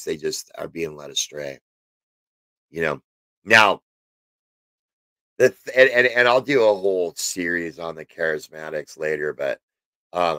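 Deep-voiced man giving rambling Bible teaching. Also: sharp tone, dry recording. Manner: rambling, many fillers and restarts, emphatic. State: has hiccups. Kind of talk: informal spoken Bible teaching.

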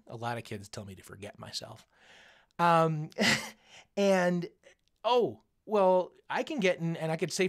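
A man's voice: fairly high pitch, normal speed, creaky. A man teaching a recorded lesson to students, speaking in a conversational, coaching way and acting out the voices of people he quotes. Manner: animated, acts out quoted voices.

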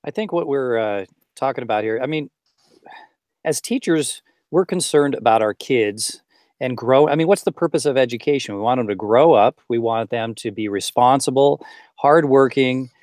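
A man co-hosting an interview, a teacher who asks earnest, rhetorical questions. His voice is mid-pitched. The sound is dry, with no echo. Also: normal speed, a little mellow. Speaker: co-host, teacher.

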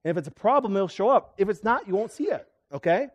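A man's voice: sits high, quick pace, lo-fi sound. Middle-aged male chiropractor leading a live seminar; keeps throwing questions at the room. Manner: animated, asks the audience questions. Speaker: chiropractor giving a health talk. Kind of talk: live seminar lecture to an audience.

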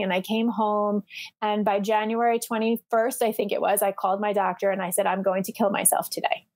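A middle-aged woman talks candidly as a podcast guest, her voice sitting at an ordinary pitch. She is animated and acts out the people she quotes, with plenty of fillers and restarts. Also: fairly quick. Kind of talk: candid conversational storytelling.

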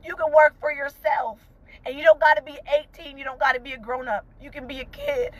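A woman's voice: sits high, expressive, fairly quick, a little hiss or hum, poor audio. A woman vlogger and mother, crying as she talks to viewers from inside a car in a fervent, emotional way, repeating uplifting phrases. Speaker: vlogger, mother of two young entrepreneurs. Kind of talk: emotional casual talk to viewers.

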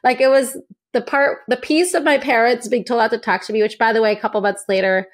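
Young woman guest, slightly high voice, animated conversational storyteller. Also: fast. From United States. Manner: chatty, animated, acts out quoted voices. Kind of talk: casual interview storytelling.

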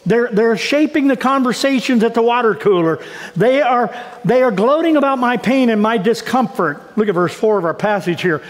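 A man's voice: extremely high pitch, normal speed. A middle-aged man pastor giving a sermon, talking conversationally and building to emphatic, raised passages. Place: church sanctuary. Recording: long church hall reverb.

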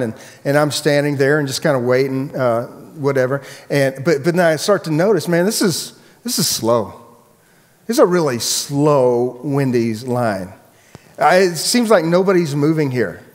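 A man, the pastor, preaching a sermon and telling a personal story in a relaxed, chatty way with frequent restarts. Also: a little high, moderate pace, long reverb tail. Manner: casual storytelling, many restarts.

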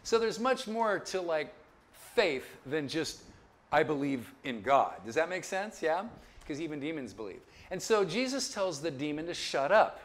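A man giving a Bible lecture in an animated way, often checking in with listeners and chuckling in asides. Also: a little high, moderate pace. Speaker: Bible teacher.

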